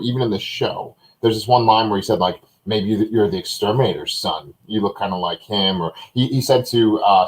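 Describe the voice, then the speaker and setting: A man's voice: on the low side, rough recording. Male co-host, casual live review, hesitant and thinking aloud.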